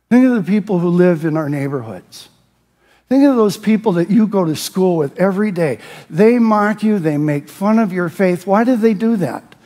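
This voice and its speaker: A man preaching a sermon as pastor, reading scripture aloud and rising into impassioned shouts. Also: high voice, big-room sound. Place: church sanctuary.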